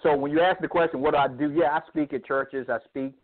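A man's voice: fairly high pitch, fairly even intonation, quick pace. A man being interviewed about men's ministry who speaks in an emphatic, preacherly way, acting out dialogue as he tells stories. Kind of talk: animated interview storytelling. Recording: tinny phone line.

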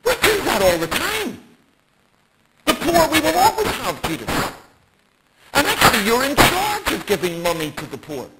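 Preacher voicing a firm, rebuking Jesus. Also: male voice, very high voice, wildly swooping pitch, moderate pace, long pauses, pitched above the performer's own voice, exaggerated voice. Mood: firm rebuke. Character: Jesus, a firm male teacher rebuking a disciple. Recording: loud background noise.

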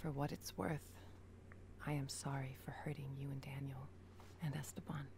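A hushed, gravelly remorseful mother. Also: rumbling low, level tone, normal speed. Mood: regretful. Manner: soft, hushed, half-whispered delivery. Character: remorseful middle-aged mother who left her sons. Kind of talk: video game dialogue. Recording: game audio with clear background noise.

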